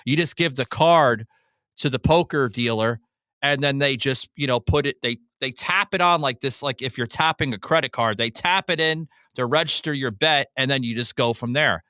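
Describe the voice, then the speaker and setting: A man hosting a casual podcast, telling a story in a profane and animated way. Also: mid-range voice, normal speed, smooth, no room sound. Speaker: host.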